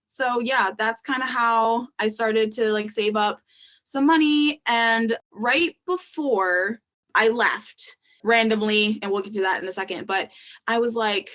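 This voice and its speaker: A woman's voice: on the high side, unhurried, fairly bright tone. A young adult woman, a podcast guest, telling her story in candid casual talk, with frequent ums and likes.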